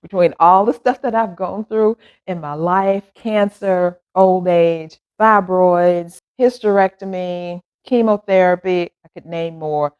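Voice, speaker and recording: Low-voiced chatty woman in her sixties. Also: measured pace, hardly any pauses, darkish tone, clear, resonant tone, highs cut off. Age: 60s. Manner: chatty, rambling, laughs between thoughts. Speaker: vlogger. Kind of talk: casual storytelling to camera.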